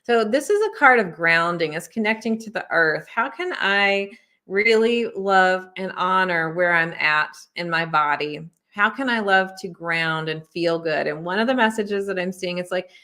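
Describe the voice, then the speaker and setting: A woman's voice: lowish voice, moderate pace, pushed and bright. A woman giving a casual oracle card reading to her viewers as an intuitive spiritual teacher, talking in a friendly, reassuring, chatty way with plenty of fillers.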